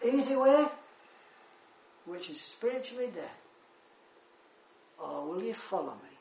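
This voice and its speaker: Older preacher in an echoey church. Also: male voice, high voice, unhurried, long pauses. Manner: animated storytelling, swells loud on key words. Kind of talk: sermon with personal anecdote.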